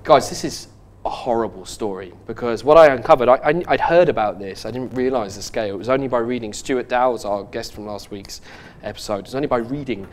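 A man hosting a podcast, telling a story in a halting, earnest way with many restarts and fillers. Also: medium pitch. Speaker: podcast host. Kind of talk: casual podcast chat.

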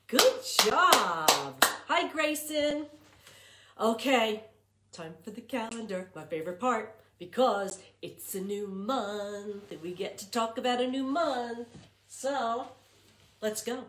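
A woman hosting a children's story time as a librarian, leading chants and songs in an animated, sing-song, exaggerated way for small children. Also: medium pitch, takes it slowly. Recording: echoey room with faint noise.

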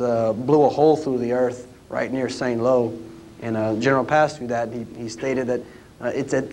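Brief: man, historian, folksy storytelling lecture, middle pitch. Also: a little hiss or hum. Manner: folksy, anecdotal, with many "uh" restarts. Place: lecture room at a history roundtable.

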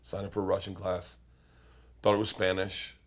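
A man in his forties, a comedian appearing as an interview guest, tells a rambling story in a low-pitched, completely flat voice at normal speed. He keeps cutting himself off and quotes other people in character.

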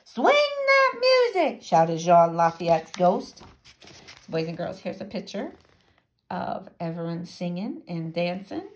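A woman teacher reading a storybook aloud to children in a lively, child-directed way. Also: on the low side, measured pace.

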